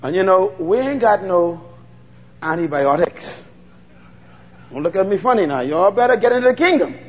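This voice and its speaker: A man's voice: sits high, lively intonation, normal speed, long reverb tail, highs cut off. A Bahamian man preaching a fervent sermon, calling out to the congregation for responses.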